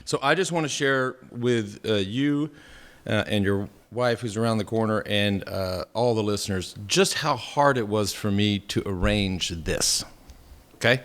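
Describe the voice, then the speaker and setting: Guy hosting a podcast, kinda low voice, stumbles and restarts a lot, jokey. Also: a little slow. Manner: animated, self-mocking storyteller with many restarts. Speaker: podcast host. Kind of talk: casual chat.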